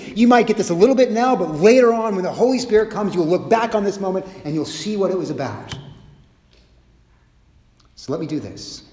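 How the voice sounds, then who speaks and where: A middle-aged man preaching a sermon as pastor, expressive and humorous, shifting his pace and loudness as he acts out quotes. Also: high-pitched, echoey room, in a large hall.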